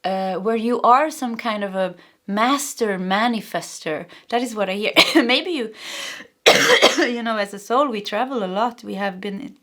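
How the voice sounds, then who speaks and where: A woman with a Swedish accent giving an intuitive tarot reading, soft and earnest, speaking straight to the listener and often stopping to restart her sentences. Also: medium pitch. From Sweden. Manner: soft, emotional, halting with many restarts; earnest and encouraging, addressing the listener directly. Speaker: tarot reader.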